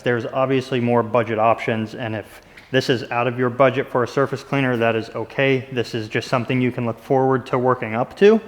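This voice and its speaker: Pressure washing guy showing off equipment, chatty and direct, voice rings out in a big echoey space. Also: mid-range voice. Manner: enthusiastic, direct, addresses viewers as "you guys". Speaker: pressure washing business owner. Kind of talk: casual product walkthrough.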